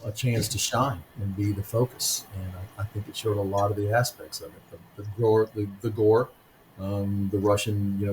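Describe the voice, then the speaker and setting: Hesitant fifty-something man, low voice. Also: slight background noise, rough recording. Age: 50s. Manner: halting, frequent ums and restarts. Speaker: author and podcast guest. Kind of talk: conversational interview storytelling.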